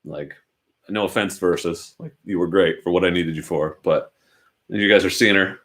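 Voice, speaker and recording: A man's voice: low-pitched, fairly even intonation, normal speed, fairly bright tone. A young adult man from Oregon, chatting casually and self-deprecatingly as a motorcycle channel host, answering viewers from his home garage. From Oregon, United States.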